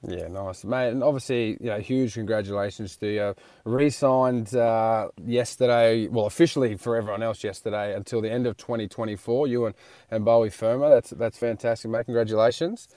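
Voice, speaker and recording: A man's voice: on the low side, fairly even intonation, fairly quick, dark tone, no echo. A man co-hosting a footy radio show from his car, talking in a matey, jokey way with lots of fillers. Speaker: co-host and rugby league player. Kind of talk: casual radio chat.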